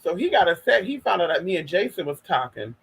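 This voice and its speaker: A young man from Northern California spills stories straight to camera in a casual vlog, sassy, profane and forever calling his viewers girl and y'all. His voice sits high and sounds bright and sharp. There is a husky, breathy edge to it. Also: very animated, quick pace, poor audio. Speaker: vlogger. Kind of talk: casual storytelling monologue.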